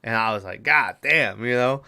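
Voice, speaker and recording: Gravelly yet bright and forceful, this medium-pitched young man recaps a horror movie on his podcast at a moderate pace. The retelling is casual and rambling, full of profanity, fillers and quoted dialogue.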